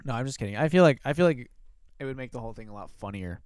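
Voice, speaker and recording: A man's voice: medium pitch, animated, very fast, darkish tone, clear, resonant tone, no echo, clean studio sound. A man co-hosting a casual podcast chat, laid-back and slangy, rambling with fillers. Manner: laid-back slangy talk, says "dude" often. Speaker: podcast co-host.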